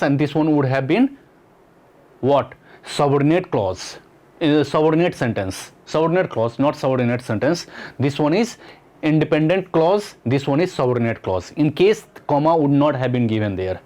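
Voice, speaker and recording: A man's voice: on the high side, a little mellow. A man teaching an English grammar lesson, explaining step by step and repeating key points as questions to students. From Nepal. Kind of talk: exam-prep grammar lesson.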